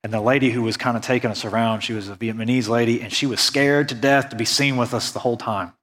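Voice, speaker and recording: A man from the United States preaching a sermon, earnest and conversational, slowing down to stress key points. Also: medium pitch, steady tone, fairly bright tone. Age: adult, went on a mission trip after high school. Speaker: pastor.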